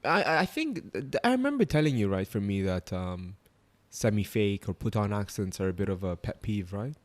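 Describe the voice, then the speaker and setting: Animated, playful man podcast co-host. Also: on the low side, moderate pace. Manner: playful, animated, jokey interjections. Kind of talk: casual chat.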